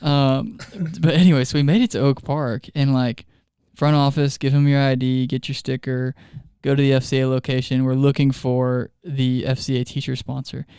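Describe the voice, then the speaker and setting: Chatty man with a smooth, dry voice. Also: mid-range voice, flat delivery, normal speed, hardly any pauses, mellow, no room sound. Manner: chatty storyteller, laughs often mid-sentence. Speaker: youth ministry leader. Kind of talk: casual podcast chat.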